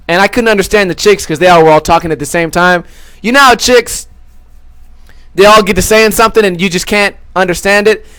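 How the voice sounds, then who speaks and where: A man's voice: high voice, fairly quick, a bit bright, smooth, dry recording. A young man hosting a podcast, telling a rambling, crude story full of swearing and acted-out quotes. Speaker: podcast host. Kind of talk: casual storytelling.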